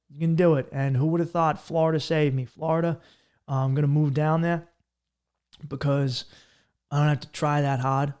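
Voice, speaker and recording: Brief: man, podcast host doing a solo comedic rant, quick and crude, slips into mocking voices, voice sits a bit high. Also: darkish tone. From Massachusetts. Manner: profane, fast-talking, jumps into mocking voices.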